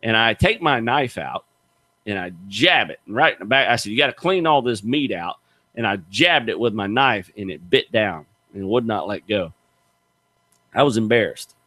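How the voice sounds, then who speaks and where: Middle-aged male radio host, animated folksy storyteller, very expressive pitch, dry close sound. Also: normal speed, dry recording. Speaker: radio show host, gator hunter. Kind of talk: casual radio chat, storytelling.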